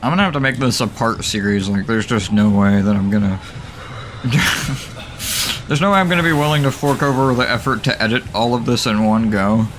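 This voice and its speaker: A man hosting a gaming channel, giving excitable, jokey let's play commentary that is full of swearing and laughter. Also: mid-range voice, moderate pace, noisy background.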